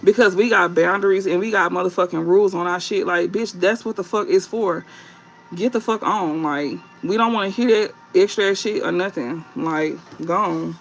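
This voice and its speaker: A man hosting a late-night livestream as a tarot reader, talking bluntly and profanely with drawn-out fillers and repeated phrases. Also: high-pitched, creaky, fairly bright tone, slight background noise.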